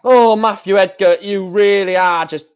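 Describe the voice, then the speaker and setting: An excitable man commentating live on a stream, shouting and repeating himself at big moments. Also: high voice, measured pace, smooth.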